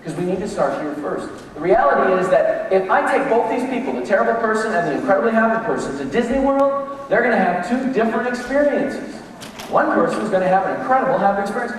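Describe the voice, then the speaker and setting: A man giving a lively motivational leadership talk to a live audience, acting out the voices of people in his examples. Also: high voice, fast talker, slight background noise. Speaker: motivational speaker. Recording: echoey hall, mic from a distance.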